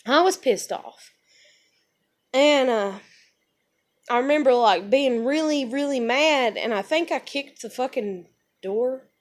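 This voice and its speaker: A woman's voice: high voice, takes it slowly, pauses often. A young woman telling a personal story to camera in a blunt manner, swearing often and using many fillers. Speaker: vlogger.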